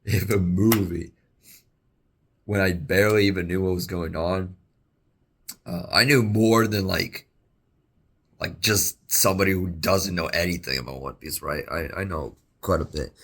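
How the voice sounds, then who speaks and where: A young man giving casual reaction commentary, excitable and rambling, with slangy exclamations, recorded on an earbud mic. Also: low-pitched, unhurried, long pauses, husky. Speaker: reaction video host. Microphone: wireless earbud mic.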